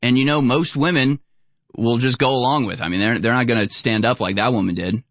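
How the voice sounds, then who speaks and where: A man's voice: medium pitch, a little fast, a bit bright, no room sound. A man hosting online commentary over video clips, talking in a sarcastic, indignant rant. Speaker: political commentary host.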